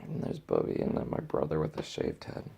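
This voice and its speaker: A man's voice: brisk, mellow. Young man ranting in his bedroom. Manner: exasperated ranting, swearing. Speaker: vlogger. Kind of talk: casual ranting vlog.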